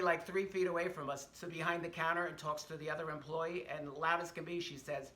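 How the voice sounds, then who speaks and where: A man's voice: fairly high pitch, fairly even intonation, brisk, hardly any pauses, bright, forceful tone. A man hosting a casual vlog, telling stories in a chatty, hesitant way with many asides. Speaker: host. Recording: roomy echo.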